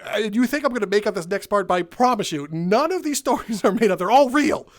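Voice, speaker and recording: A man with a notably high voice spins casual workplace stories while he plays a game. He talks in an animated way and breaks into laughter at his own punchlines. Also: quick pace. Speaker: gaming video host.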